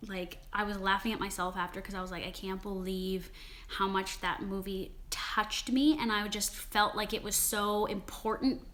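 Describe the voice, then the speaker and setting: A woman's voice: mid-range voice, pushed and bright. A young woman hosting a live-stream Q&A about her cookbook, talking casually, with lots of "like" and frequent swearing. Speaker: cookbook author and vegan food channel host.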